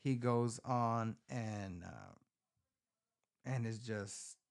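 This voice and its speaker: A man hosting a podcast, recapping a film in a casual, profane, rambling way with animated storytelling, recorded on a phone. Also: fairly low pitch, very slow, creaky. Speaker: podcast host.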